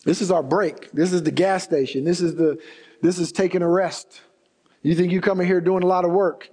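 High-pitched male preacher, storytelling sermon with emphatic repeats; church hall reverb. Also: steady tone, moderate pace, darkish tone, breathy edge. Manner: storytelling preacher, emphatic repetition, varied pace. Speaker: pastor.

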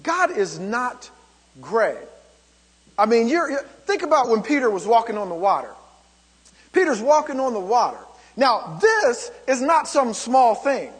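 A man's voice: extremely high pitch, very animated, a little slow, husky, long reverb tail. A man preaching a sermon, emphatic, often calling out "come on" to the congregation. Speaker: pastor.

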